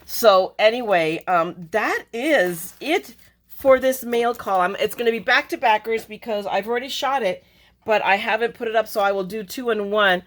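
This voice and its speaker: A woman's voice: medium pitch, moderate pace, a bit bright. A middle-aged woman chatting casually as a crafting vlogger, gushing and emotional as she opens her mail. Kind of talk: casual chat.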